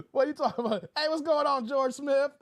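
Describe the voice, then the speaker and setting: A high-pitched man hosts a casual livestream, reading donor messages and joking with his chat. His voice sits close and dry, with no room sound around it. He laughs often and keeps it loose and playful. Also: moderate pace, no room sound. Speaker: livestream host.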